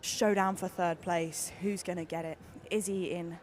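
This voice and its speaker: A woman doing live sports commentary, excitable and gushing, with lots of fillers and restarts. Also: lowish voice, moderate pace. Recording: busy venue noise behind.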